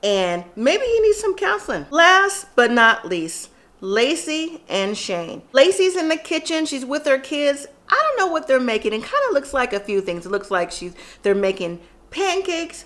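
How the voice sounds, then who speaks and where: A woman's voice: on the high side, bright, forceful tone. A woman casually recapping a reality TV episode, chatty and opinionated, talking straight to the people she watches. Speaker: TV recap vlogger.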